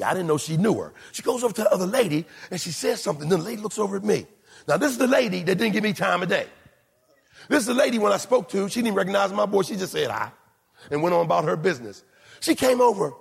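A man preaching a sermon as pastor, moving between shouted lines and low, quiet asides. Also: expressive, fast talker, creaky, slightly rough. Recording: long hall reverb.

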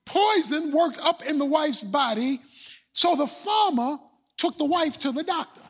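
A man preaching a sermon, telling a story and building to shouts. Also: very high voice, animated, a little slow. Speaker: pastor.

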